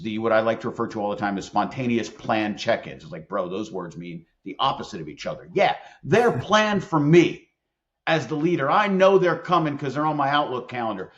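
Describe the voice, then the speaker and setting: A man's voice: mid-range voice, fairly bright tone, muffled recording. A middle-aged man, an employment attorney and leadership expert, talking as a podcast guest, emphatic and earnest as he tells stories. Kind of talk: conversational podcast interview.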